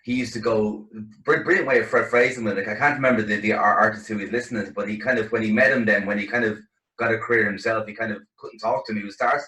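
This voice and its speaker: A man hosting an interview, chatting in a quick, animated way with halting restarts. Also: on the low side. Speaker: interview host. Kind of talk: casual interview chat. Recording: echoey room.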